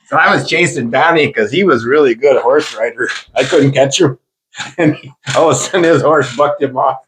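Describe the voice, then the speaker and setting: An older man hosting a podcast, telling small-town stories in a loose, animated way with bursts of laughter. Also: mid-range voice, normal speed, slight background noise, low-quality recording. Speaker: podcast host. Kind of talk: casual storytelling.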